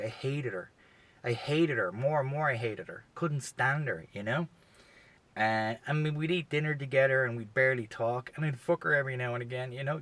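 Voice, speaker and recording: A podcast host with a mid-range, fairly bright voice tells a long comedic story. He rambles and swears freely, sprinkling in plenty of "you know" asides.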